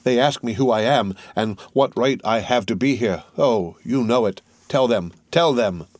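A man's voice: mid-range voice, normal speed, a little mellow, no echo, close to an everyday voice. A man reading the part of a grief-stricken young man who pleads and swears vengeance. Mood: pleading. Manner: impassioned, pleading.

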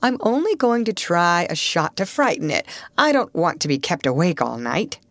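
A woman voicing a confident young man who speaks in a lower, reassuring voice in a storybook reading. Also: very animated, moderate pace, a bit bright, no room sound. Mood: steady. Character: confident, steady young man, camera operator.

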